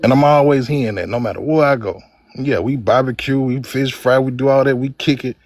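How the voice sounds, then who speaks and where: A man from Mississippi talks in a middle pitch. He speaks reflectively and stumbles now and then. The sound is dry and close. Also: darkish tone, no room sound. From Mississippi, USA. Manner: reflective, halting, repeats words. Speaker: debate participant. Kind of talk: personal testimony in an online debate.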